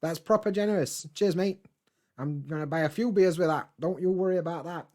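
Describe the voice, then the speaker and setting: A man chatting casually on a live stream, reading and answering chat comments in a relaxed, swearing, laughing way. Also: on the high side, brisk. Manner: laid-back, chatty, swears freely, laughs often.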